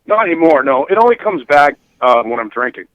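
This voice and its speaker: A man's voice: fairly high pitch, very animated, brisk, dry recording, highs cut off. A man from South Boston with a Boston accent, telling profane, sardonic stories as a radio DJ guest in a casual podcast chat. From South Boston, Massachusetts.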